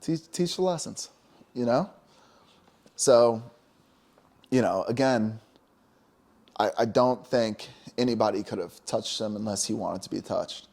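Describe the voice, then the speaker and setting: A man's voice: on the low side, a little slow, vocal fry, long pauses, darkish tone. A man co-hosting a casual spiritual talk show, talking emphatically and preaching, with many "you know?" asides. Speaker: podcast co-host.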